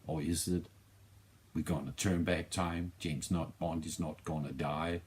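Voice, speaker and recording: A man with a Danish accent talks through a film review in a loose, rambling way. His voice sits extremely low and he speaks slowly, often stopping to restart a thought. He swears casually as he goes. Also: fairly even intonation, a little mellow, slight background noise. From Denmark.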